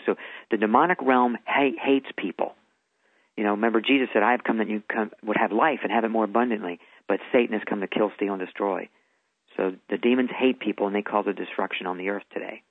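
Man earnestly telling his story, lowish voice, tinny radio sound. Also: a little fast, no room sound. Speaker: guest. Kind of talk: testimony in a radio interview. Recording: phone-like radio broadcast audio.

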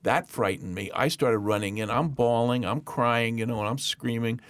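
A middle-aged man telling a personal testimony in a lively, animated way, acting out the voices of the people in his story. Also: mid-range voice, normal speed, no room sound. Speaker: guest.

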